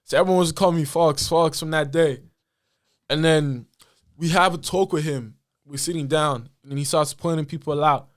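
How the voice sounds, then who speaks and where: A young man, a podcast guest telling a story in a lively, casual way with lots of fillers. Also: on the high side, normal speed. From Australia. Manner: animated, full of fillers and acted-out quotes. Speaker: podcast guest, basketball player.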